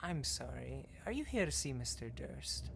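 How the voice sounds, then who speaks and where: A soft-spoken ghost maid, whispered by a game master in role-play, polite and unhurried in speech. Each line comes out as a hushed whisper, with steady noise behind it on a home recording. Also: mid-range voice, vocal fry. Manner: hushed, courteous, slow.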